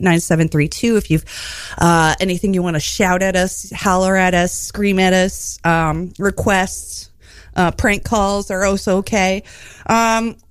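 A woman hosts a comedy radio show from a studio, rambling and joking as she chats. Her voice sits at an ordinary pitch. The sound is dry and close. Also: smooth, dry recording. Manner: rambling, joking, many fillers. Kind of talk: casual comedy radio chat.

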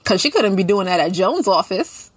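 A woman co-hosting a casual chat show, recapping a TV episode in a blunt, profane, lively way. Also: medium pitch, normal speed, breathy edge, no room sound. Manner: blunt, profane, animated storytelling. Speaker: podcast co-host.

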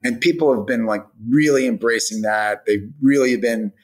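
A hot sauce brand founder appears as a guest on a podcast, chatting casually about the product he makes. He rambles, with lots of "like" and "you know" fillers, in a medium-pitched voice at a moderate pace, and the recording quality is low.

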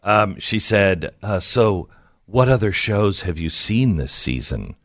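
A middle-aged man hosting talk radio, spinning wry, self-mocking stories. His pitch swings widely as he talks. The sound is dry and close, with no room behind him. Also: very animated, slow pace, a bit bright, no room sound. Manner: storytelling, wry and self-mocking, laughs at own jokes. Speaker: radio talk show host. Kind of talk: casual talk radio chat.

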